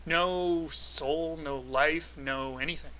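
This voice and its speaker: A man runs a tabletop game as game master, describing scenes in a relaxed, halting way with plenty of filler sounds. His voice is very bright and sharp, set slightly high. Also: low-quality recording.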